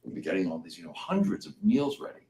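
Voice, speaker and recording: A low-voiced man tells a story with a lively, swinging delivery. He slips into loud, high voices to act out the people in it. The clip comes from an echoey documentary recording. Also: fast. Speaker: voice actor interviewed in a documentary. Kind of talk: telling an anecdote.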